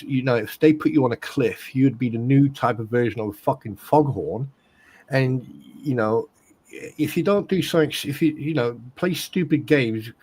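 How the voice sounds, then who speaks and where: Husky guy on a video call, cursing and teasing, mid pitch. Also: darkish tone, low-quality recording. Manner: blunt, swears often, teasing. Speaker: panel guest. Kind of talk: casual stream chat.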